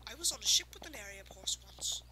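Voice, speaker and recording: A woman reading aloud and voicing a quiet old man who speaks in a mild, matter-of-fact way. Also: fairly high pitch, animated, a little fast, background noise, close to an everyday voice. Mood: reminiscing.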